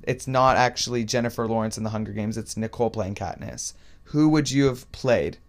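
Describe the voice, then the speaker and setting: A man's voice: lowish voice, fairly quick. A man from Israel co-hosting a podcast, chatting casually with lots of "like" and "you know". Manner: relaxed, chatty, many fillers like "like" and "you know". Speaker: podcast co-host.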